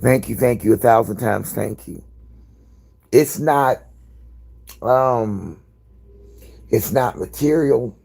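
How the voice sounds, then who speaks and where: A man's voice: mid-range voice, slow pace, creaky, long pauses, a little mellow. A man hosting a live stream in casual, candid chat, rambling and swearing freely. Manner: candid, profane, rambling storyteller.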